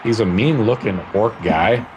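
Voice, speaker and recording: Man, game master, very deep voice, rambling casual narration. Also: normal speed, muffled recording, noisy background. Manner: rambling, lots of "like" and "you know".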